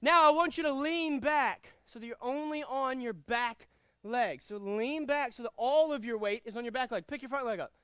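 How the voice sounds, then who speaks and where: A man teaching a karate class, giving energetic commands and calling out drills and counts. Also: very high-pitched, moderate pace, clean tone, no room sound. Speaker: karate instructor. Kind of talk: martial arts class instruction.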